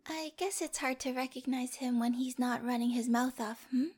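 A woman's voice: high voice, fairly even intonation, normal speed, husky. A woman playing a giggly obsessive girlfriend, whispered role-play. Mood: creepy adoring. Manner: giggly, coaxing, slips into soft whispers. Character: sweet, obsessive young girlfriend with a dark streak. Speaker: voice actor in listener-addressed audio drama.

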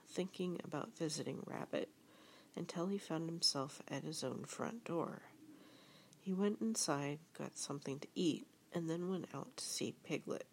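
A woman reading an audiobook in calm, measured scripted narration. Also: sits low, creaky, slight background noise. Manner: calm, measured, even storytelling.

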